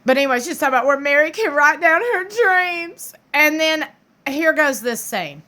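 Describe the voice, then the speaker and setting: A chatty woman with a bright, forward voice that sits a little high, recapping a reality show. She talks in a sassy, gossipy way, full of slang, and drops into playful mocking impressions of the people she discusses. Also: expressive, normal speed.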